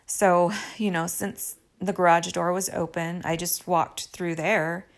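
A woman's voice: on the low side, little pitch movement, unhurried. A woman vlogger telling a personal story to her viewers in a confiding way, with apologetic asides. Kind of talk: storytime monologue.

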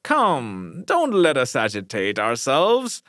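A man reading a storybook, voicing a household doctor who speaks slowly in a honeyed, soothing voice. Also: high-pitched, lively intonation, fairly bright tone, clear, resonant tone, dry recording, clean studio sound, voice pushed up, exaggerated voice.

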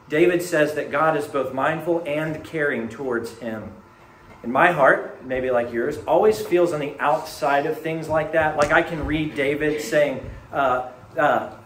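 A man preaches a sermon in a fairly high voice. He swings between quiet, hushed passages and emphatic, rising peaks. The recording carries the echo of a church room with faint ambience behind him. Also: a little hiss or hum. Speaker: pastor.

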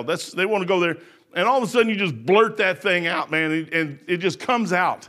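A man's voice: high-pitched, moderate pace, bright, forceful tone. A man preaching a sermon in a folksy, rambling way, full of restarts.

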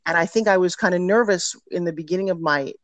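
A middle-aged woman, a personal development teacher, telling stories in an energetic, emphatic way as a guest in a casual interview. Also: lowish voice, fast, dry recording.

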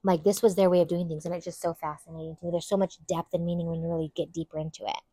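A woman's voice: on the low side, little pitch movement, rapid-fire, dark tone, no echo. A woman hosting a Bible teaching podcast, earnest and enthusiastic, who stresses her points by repeating them. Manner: earnest and enthusiastic, with emphatic repetition.

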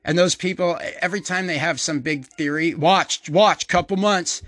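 A man's voice: a little high, steady tone, moderate pace, a bit bright, no room sound. A middle-aged man and podcast host, rambling through a profane, self-deprecating casual monologue and laughing often.

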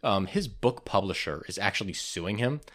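A man's voice: sits low, lively intonation, moderate pace, fairly bright tone. A man hosting a podcast, going over the week's news in casual chat and reading from notes with frequent ums and restarts. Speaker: podcast host.

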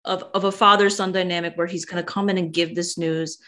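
A woman in casual conversation, speaking in a measured, thoughtful way and often agreeing. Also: fairly low pitch, fairly even intonation, sharp tone. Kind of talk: casual chat.

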